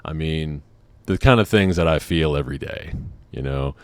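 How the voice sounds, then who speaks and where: A man's voice: very deep voice, normal speed, no echo. A man casually telling a personal story, acting out the scenes and swearing freely. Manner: animated, acts out the scene in quotes, swears freely. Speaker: channel host.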